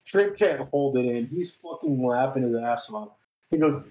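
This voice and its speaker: A man's voice: medium pitch, a little slow, darkish tone, reverberant, muffled recording. A man in his twenties, co-hosting a podcast, telling a story in casual chat, swearing and laughing often. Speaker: podcast co-host.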